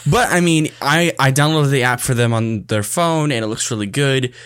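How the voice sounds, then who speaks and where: A man's voice: mid-range voice, normal speed, fairly bright tone, smooth, dry recording. A man co-hosting a casual tech podcast, easygoing and rambling as he talks about gadgets and deals. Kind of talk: casual tech news chat.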